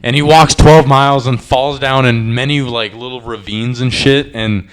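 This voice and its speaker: A man's voice: mid-range voice, normal speed. Man, podcast host, casual crude storytelling, acts out quotes. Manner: rambling, crude, animated retelling with quoted voices.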